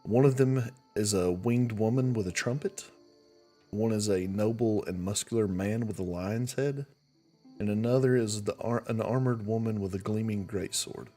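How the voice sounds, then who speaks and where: A man narrating a tabletop game as game master in a measured, unhurried way. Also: on the low side, mellow, faint music behind.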